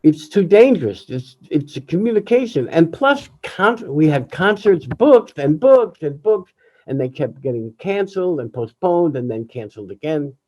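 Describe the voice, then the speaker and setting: An older man, a jazz pianist, speaking candidly over a video call in an emotional, reflective way, often halting and restarting. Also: fairly high pitch, very animated, darkish tone, poor audio. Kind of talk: candid personal talk.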